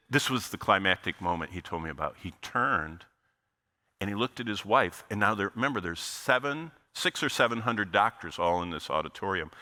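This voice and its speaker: Brief: male preacher, sharp ringing tone, emphatic sermon storytelling with dramatic pauses. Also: lowish voice.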